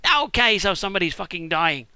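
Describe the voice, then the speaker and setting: A man's voice: high voice, very animated, brisk, sharp tone, clean tone, dry recording. A British man rambling through a crude, irreverent comic Bible retelling at home. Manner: profane, rambling, irreverent asides. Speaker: storyteller.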